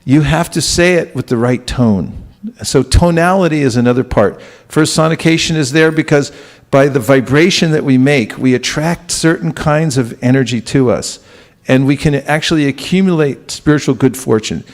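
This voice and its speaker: A man's voice: mid-range voice, moderate pace. A man giving a spiritual lecture to a live audience, talking conversationally and often putting questions to the listeners. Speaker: spiritual teacher.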